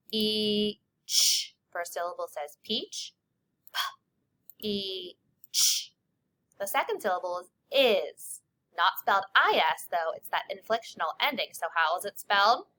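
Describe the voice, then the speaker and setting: Bright-voiced woman teaching a spelling lesson. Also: medium pitch. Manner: slow, clear sounding-out of letters and sounds. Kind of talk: spelling lesson for young children.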